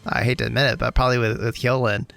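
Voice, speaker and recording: A man co-hosting a pop music podcast in casual chat, animated and given to laughing asides. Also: medium pitch, very fast, creaky. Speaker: podcast co-host.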